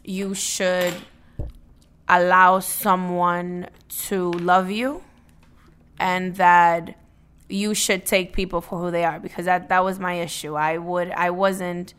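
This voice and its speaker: Bright-voiced woman talking candidly. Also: on the low side, little pitch movement, takes it slowly, smooth. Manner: candid, repeats and restarts words. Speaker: podcast co-host. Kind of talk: casual chat.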